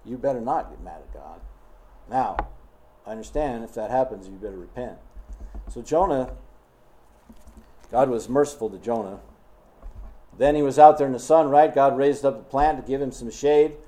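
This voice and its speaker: Emphatic preacher man, mellow tone. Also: medium pitch, normal speed, long pauses. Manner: emphatic, rhetorical questions, scolding. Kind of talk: sermon.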